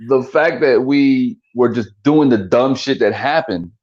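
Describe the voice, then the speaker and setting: A man, a comedian guest on a podcast, talking in a relaxed, reflective way and thinking things through as he goes. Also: medium pitch, measured pace, dull audio. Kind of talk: casual interview chat.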